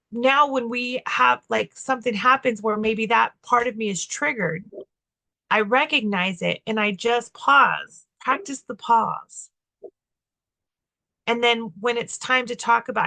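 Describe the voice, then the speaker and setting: A woman talking candidly and expressively about her own reactions, in a relaxed conversation over a video call. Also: medium pitch. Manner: expressive, candid, self-reflective. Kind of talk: casual conversation.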